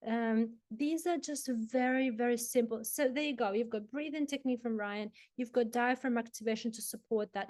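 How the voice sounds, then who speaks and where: A woman sleep coach talking an audience through relaxation exercises in a gentle, instructive way. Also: on the high side, dry recording. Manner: gentle, instructive, hesitant restarts. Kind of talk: guided relaxation talk.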